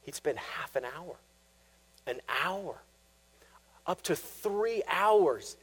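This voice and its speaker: A man preaching a sermon, animated, acting out quoted voices as he teaches. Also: a little high, slow, breathy edge, low-quality recording.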